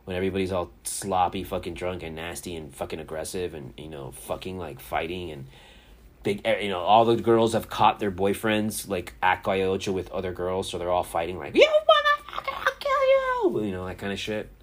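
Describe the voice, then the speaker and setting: A man's voice: low-pitched, brisk. A man in his thirties hosting a casual sports talk show, rambling through stories with lots of swearing. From Miami area. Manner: profane, rambling, animated storyteller. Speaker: podcast host. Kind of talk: casual sports chat and storytelling.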